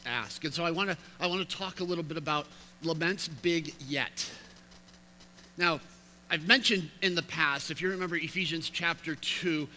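A pastor with a high-pitched, sharp voice reads scripture aloud during a sermon, rising emphatically in intensity and dropping chatty asides to his listeners. Slight background noise is present.

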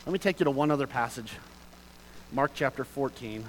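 A man preaches a sermon as pastor, reading scripture aloud and explaining it, shifting from quiet reading into loud, passionate emphasis. His mid-range voice moves briskly, and the rough recording carries a little hiss or hum.

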